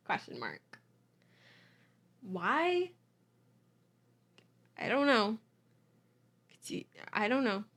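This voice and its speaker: A woman's voice: mid-range voice, fairly bright tone. A young woman hosting a casual solo podcast, giggly and self-deprecating, apologizing and laughing at herself as she talks. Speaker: podcast host. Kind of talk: casual confessional monologue.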